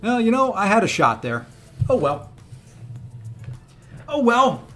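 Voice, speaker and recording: A man's voice: high voice, big pitch swings, normal speed, fairly bright tone, soft background music. A man streaming a mobile fighting game, talking to himself and his chat in a rueful, easygoing way. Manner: rueful, self-talking, coaxing the opponent. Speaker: gaming streamer. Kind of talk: casual gameplay commentary.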